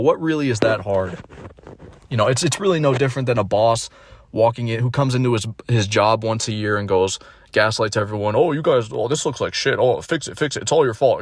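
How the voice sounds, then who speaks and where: A man's voice: lowish voice, no room sound. A young man in his twenties ranting casually, profane and rambling, full of bitter complaints and restarts. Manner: bitter and aggrieved. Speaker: streamer. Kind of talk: casual rant.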